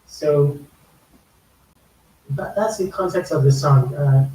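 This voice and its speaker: A man's voice: fairly high pitch, slow pace, long pauses, warm tone. A man with a Nigerian accent explaining a song's lyrics and slang in casual commentary, repeating phrases for emphasis. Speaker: YouTube music reaction host. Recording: echoey room, mic a bit far, faint hiss.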